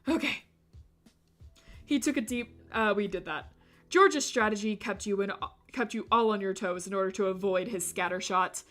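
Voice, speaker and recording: A woman streamer reading a visual novel aloud, breaking off for animated, jokey commentary. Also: medium pitch, moderate pace, faint music behind. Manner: animated, jokey asides with laughter.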